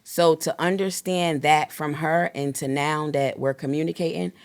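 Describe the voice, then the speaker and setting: A woman in her thirties, a guest in an interview, talking in a rambling, animated way and acting out quoted dialogue. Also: low-pitched, moderate pace. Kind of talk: casual interview storytelling.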